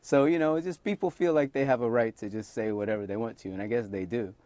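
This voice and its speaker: A middle-aged man, a talk show guest telling relaxed, wry stories. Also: mid-range voice, quick pace, dry recording. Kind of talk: casual talk show chat.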